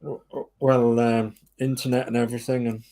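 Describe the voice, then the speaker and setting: A man chats in an easygoing way and drifts into small everyday anecdotes. His voice sits at an ordinary middle pitch, and his delivery stays relaxed throughout. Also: normal speed. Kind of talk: casual chat.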